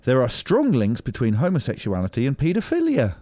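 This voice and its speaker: A man's voice: mid-range voice, wildly swooping pitch, fairly quick, mellow, no echo. A man hosting a comedy podcast, quizzing his guests in a playful, teasing way. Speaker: podcast host.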